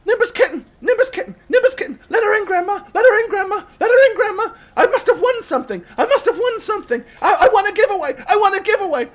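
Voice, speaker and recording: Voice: very high voice, lively intonation, pitched above the performer's own voice. A game master voicing a spoiled little girl who screams and whines in a tabletop game. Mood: excited. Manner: screaming, whining, rapid.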